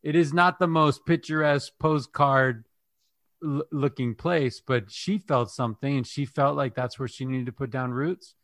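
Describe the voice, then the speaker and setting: Male podcast co-host, mid-pitched, upbeat storyteller, dry close recording. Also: fairly even intonation, normal speed, a bit bright, dry recording. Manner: storytelling, upbeat, laughs easily. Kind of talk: casual interview chat.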